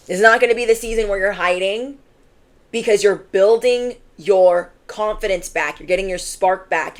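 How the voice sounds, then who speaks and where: Emphatic woman giving a tarot reading. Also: on the low side. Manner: emphatic, conversational, fillers. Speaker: tarot reader.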